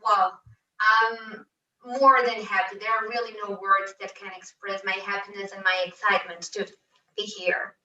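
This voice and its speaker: A woman's voice: medium pitch, normal speed. A young woman from Mexico with a Mexican accent, native Spanish speaker, presenting with lots of enthusiasm. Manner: enthusiastic, repeats "very excited". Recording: roomy, distant, dull sound.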